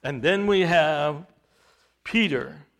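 A man preaching a sermon, emphatic, with rhetorical questions and swings between loud and hushed delivery. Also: fairly high pitch, takes it slowly, vocal fry.

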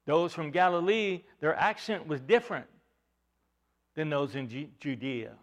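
A man delivers a sermon at an unhurried pace. His voice sits a little high for a man and moves between loud emphasis and soft, hushed passages. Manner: expressive preaching, swells loud then drops soft. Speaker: pastor.

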